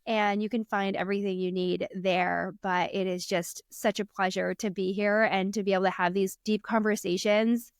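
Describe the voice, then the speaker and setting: A woman's voice: mid-range voice, level tone, moderate pace, few pauses, smooth, no echo, studio quality. A woman in her thirties, a coach and podcast guest, earnestly telling parenting stories and acting out her children's lines. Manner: earnest, storytelling, acts out her kids' lines. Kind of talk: casual interview talk.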